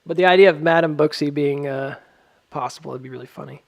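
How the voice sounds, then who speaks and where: A man's voice: a little high, fast, gravelly. A man giving casual stock chart commentary, rambling with lots of ums and laughing at his own jokes.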